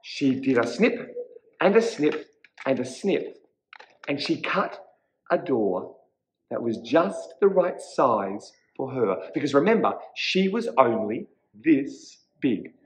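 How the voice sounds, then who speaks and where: A man, a teacher reading a children's story aloud in an animated, expressive way. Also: mid-range voice, slow, slight background noise, low-quality recording.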